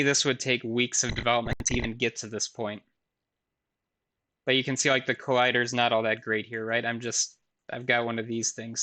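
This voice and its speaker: A man's voice: mid-range voice, pushed and bright. Casual, self-deprecating male lecturer. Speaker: university lecturer. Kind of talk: recorded lecture with live software demo.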